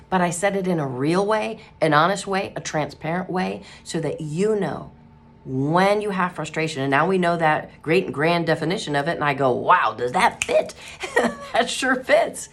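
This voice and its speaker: A woman's voice: fairly low pitch, normal speed. A middle-aged woman giving a casual devotional talk, telling a story in a chatty way with laughter and acted-out quotes. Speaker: Christian radio host and ministry speaker.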